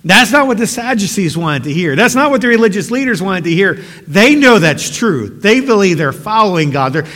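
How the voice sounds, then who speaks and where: A man preaching a sermon in an earnest, emphatic way that builds to forceful exhortation. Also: high voice. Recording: long hall reverb.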